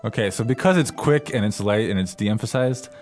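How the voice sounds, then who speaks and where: A man co-hosting a language-lesson podcast, explaining in a plain, relaxed way. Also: on the low side, fairly quick, soft background music. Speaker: co-host explaining grammar. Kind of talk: casual language lesson chat.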